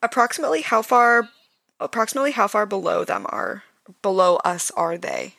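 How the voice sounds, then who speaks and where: A woman with a gravelly, creaky voice, recorded dry and close. She plays in a relaxed tabletop game and asks eager questions. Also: medium pitch, fairly quick, dry recording. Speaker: player. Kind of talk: casual tabletop play.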